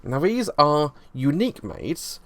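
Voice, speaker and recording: A man's voice: on the high side, sing-song, measured pace. A man reviewing a board game, explaining the rules in a loose, rambling way and often restarting his sentences.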